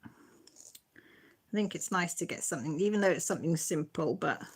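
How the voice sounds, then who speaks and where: A woman's voice: lowish voice, brisk, breathy edge. Giggly middle-aged woman chatting. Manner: giggly, self-deprecating, chatty. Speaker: live stream host. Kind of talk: casual live chat reading viewer comments.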